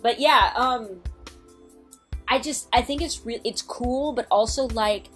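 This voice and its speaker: A woman's voice: a little high, slow pace, a bit bright, soft background music. A woman co-hosting a podcast in casual chat, talkative and sweary, with lots of fillers and trailing-off asides. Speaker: podcast co-host.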